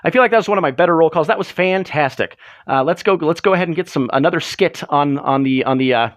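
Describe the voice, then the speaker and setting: A man's voice: on the high side, fast talker, no echo. A man hosting a livestream in a rambling, profane, mock-ranting chat. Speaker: livestream host.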